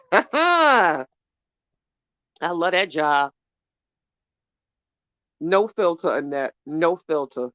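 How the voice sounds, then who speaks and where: Woman podcast host, lower-pitched, blunt and profane gossip talk, dull lo-fi dry recording. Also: takes it slowly, pauses often, dry recording. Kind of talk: casual chat reacting to live chat.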